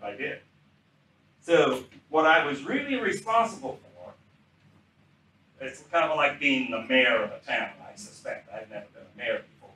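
An older man from South Carolina, a retired general telling stories from his career in a lively, anecdotal talk. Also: medium pitch, recorded from a distance, a little hiss or hum. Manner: animated storyteller acting out quoted dialogue. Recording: echoey room, speaker off mic.

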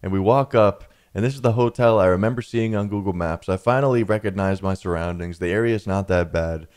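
A man's voice: sits low, a little fast, a little mellow. A young man tells a travel story in a casual, rambling way, often saying "man" and "dude". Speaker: vlogger telling a travel story.

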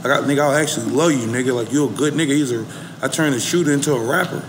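A man's voice: medium pitch, rapid-fire, a little hiss or hum. A man with a mixed Southern US and New York accent, a guest rapper telling stories in loose, repetitive, slangy casual chat. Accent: mix of Southern US and New York.

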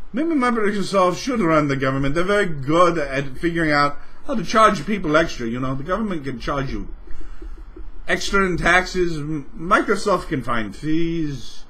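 A man performing a comic character, an exasperated crank who rants sarcastically and bursts into shouting. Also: fairly high pitch, heavily acted, rough recording. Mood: weary. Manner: sarcastic rant that swings into shouting. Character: exasperated ranting man, easily outraged. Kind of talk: comedic character rant.

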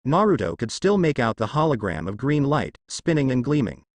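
A man reads a fan fiction adventure aloud with an animated, up-and-down storytelling delivery. The sound is dry and close to the mic, with no room around it. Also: mid-range voice, a little fast, no echo. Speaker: narrator.

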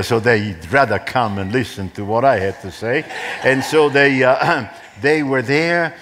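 An older man preaching as a pastor, telling a personal story and acting out quoted dialogue with animated shifts. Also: fairly low pitch. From Australia. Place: church hall. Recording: church hall with long reverb.

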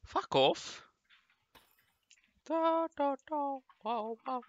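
A young man in casual gaming chat, excitable and quick to react. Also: extremely high pitch, no echo. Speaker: gamer. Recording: dull, lo-fi mic.

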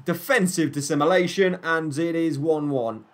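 Fairly high-pitched and a bit bright, a young YouTuber talks at a moderate pace while playing a football video game. He delivers mock broadcast commentary peppered with jokes and bursts of frustration.

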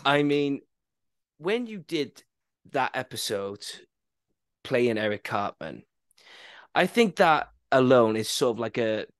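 A man hosts a relaxed interview show, spinning anecdotes and tripping over his own words as he goes. His mid-range voice sits close to the mic in a dry, deadened space. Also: mid-range voice, slow pace, pauses often, no room sound. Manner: storytelling, stumbling over words with restarts. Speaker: podcast host. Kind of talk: casual conversational interview.

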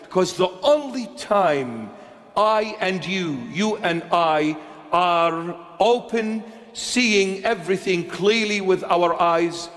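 A man with a notably high voice preaches slowly and deliberately to his congregation. He is impassioned and emphatic, moving between forceful declarations and hushed pleading, and his words ring out in a long church reverb. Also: expressive. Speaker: bishop. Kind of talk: sermon.

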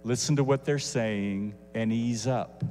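A man voicing wise old elders who quietly counsel a young king. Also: mid-range voice, unhurried, long reverb tail, slight background noise, voice pushed down, lightly acted.

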